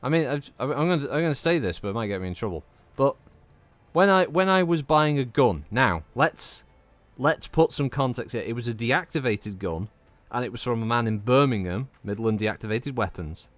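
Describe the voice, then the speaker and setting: A gaming streamer from Northwest England, with the accent to match, commentates on a game in rambling, sweary banter. His mid-range voice is animated and moves at normal speed, in a dry recording.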